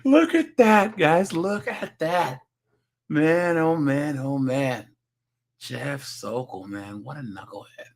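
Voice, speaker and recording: On a live reaction stream, a young man chats loosely with his viewers, laughing often and calling them "guys" and "dude." His voice sits on the high side and he talks slowly.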